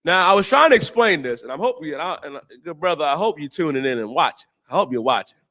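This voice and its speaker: A man hosting a talk show, preaching on scripture in slangy, emphatic speech and drawing out the verses slowly. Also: fairly high pitch, expressive, bright, forceful tone. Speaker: host and teacher.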